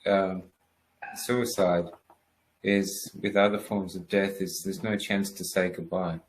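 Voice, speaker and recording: This is a man interviewing a guest on a live stream. His voice is very deep. He talks slowly and quietly, in a measured way. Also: flat delivery, a little hiss or hum, rough recording.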